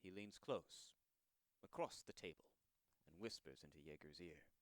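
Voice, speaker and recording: A man's voice: deep voice, moderate pace, dry recording. A man narrating the scene action in a plain, descriptive way.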